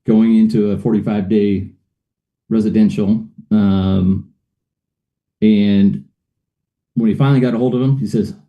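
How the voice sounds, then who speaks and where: A man's voice: fairly low pitch, fairly even intonation, unhurried, long pauses, highs cut off. A middle-aged man, a guest on a show, telling a personal story in a rambling way, with many fillers and uneasy laughs.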